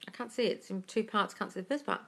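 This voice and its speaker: A woman chats on a live stream, reading out viewer questions and answering each one. Her voice is bright and forward, and she calls her viewers darling, gushing over good news before giving firm advice. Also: medium pitch, fast. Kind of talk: casual live-stream chat.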